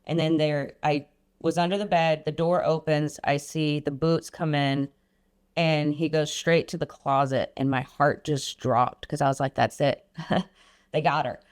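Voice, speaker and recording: A woman guest on a podcast, earnestly recounting a personal experience, often pausing and restarting her sentences. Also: deep voice, steady tone, smooth. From Iran. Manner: earnest, halting, frequent restarts and ums. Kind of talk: personal storytelling.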